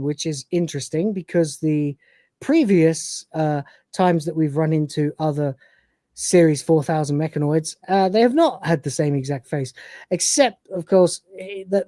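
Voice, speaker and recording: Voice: mid-range voice, mellow, no room sound, studio quality. A podcast host casually retelling and reviewing a television episode, rambling with plenty of fillers.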